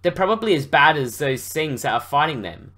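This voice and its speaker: A man's voice: fairly high pitch, very animated, a little fast, sharp tone. A man voicing a panicky, hotheaded young male hero in an overwrought way. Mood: alarmed.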